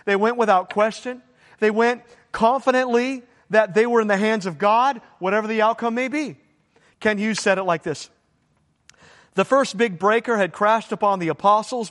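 A man delivers an emphatic sermon, pressing his points with rhetorical questions. His voice sits high for a man. The sound rings with a long reverb, as in a big hall. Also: fairly bright tone. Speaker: pastor.

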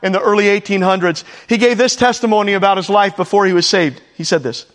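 A male pastor delivers an earnest sermon in a high, light voice. He leans on rhetorical questions and repeats key lines for weight. His words ring out with a long reverb, as if filling a large sanctuary. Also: fast talker, fairly bright tone. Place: church sanctuary.

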